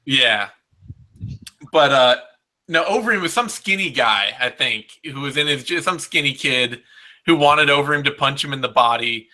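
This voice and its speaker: A man co-hosting a podcast in casual chat, animated and laughing as he mimics fighters. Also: medium pitch, moderate pace. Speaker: podcast co-host.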